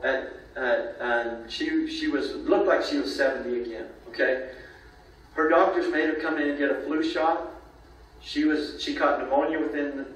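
A man telling anecdotes in a casual, rambling way, often tagging his sentences with "you know" and "okay?". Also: mid-range voice. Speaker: nutrition company presenter. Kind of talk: casual storytelling talk. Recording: very echoey room, voice from a distance.

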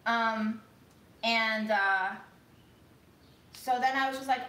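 In a casual vlog, a woman with a fairly high, sharp-toned voice speaks slowly and pauses often as she tells a story, venting frankly and swearing. She is recorded a bit far from the mic in an echoey room with faint background noise.

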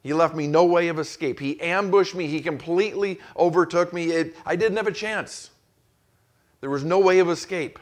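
A man's voice: on the high side, normal speed. A male pastor preaching an expository sermon, acting out the quoted voices with rising intensity. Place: church.

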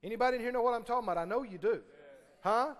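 A man preaching a sermon to a congregation, animated and full of call-and-response questions. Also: very high-pitched, racing, big-room sound. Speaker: pastor. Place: church sanctuary.

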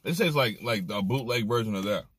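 A man's voice: on the low side, animated, fairly quick, fairly bright tone, slightly rough, dry recording, clean studio sound. A man hosting a casual snack review vlog, talking with slang and open emotion. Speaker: food reviewer host.

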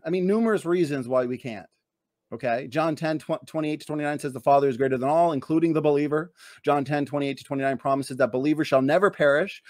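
Emphatic man with a higher voice, dry sound. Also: darkish tone, no room sound. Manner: emphatic, with rhetorical questions and sarcasm. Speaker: debater. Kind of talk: debate opening statement.

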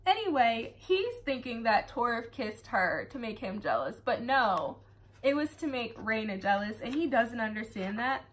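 A woman's voice: a little high, big pitch swings, unhurried. Chatty sarcastic woman book reviewer. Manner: chatty, sarcastic asides, frequent laughter. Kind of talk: casual book review chat.

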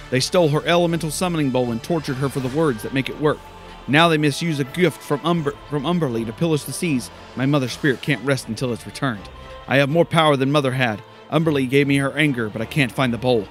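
Brief: man reading a tired, grieving child witch, raised pitch, half threat and half plea. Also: natural voice. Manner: pleading yet threatening, read aloud. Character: grieving vengeful young sea-witch girl, weary.

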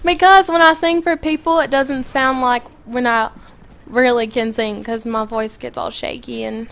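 A young woman with a Southern US accent, singing slowly and then chatting nervously and shyly, laughing often. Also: a little high, fairly even intonation, gravelly, a bit bright. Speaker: singer. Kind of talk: casual chat with singing.

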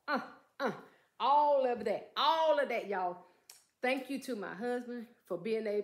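A woman vlogger chatting excitedly about her shopping haul and calling out to her viewers as she goes. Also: medium pitch. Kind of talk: casual haul vlog chat. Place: room at home. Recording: echoey room.

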